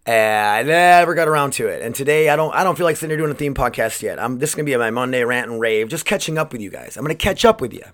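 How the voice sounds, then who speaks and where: A man's voice: mid-range voice, expressive, fast, few pauses, a bit bright. A young man hosting his own podcast, talking casually in a rambling way, restarting sentences and swearing freely. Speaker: podcast host. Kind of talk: casual solo podcast monologue.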